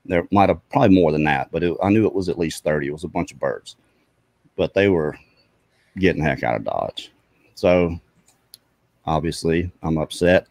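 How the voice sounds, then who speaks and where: Southern US man, very low voice, rambling storyteller, dry close sound. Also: darkish tone, dry recording. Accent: Southern US (Mississippi). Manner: rambling, detailed, self-correcting. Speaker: guest telling an encounter story. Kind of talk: casual storytelling.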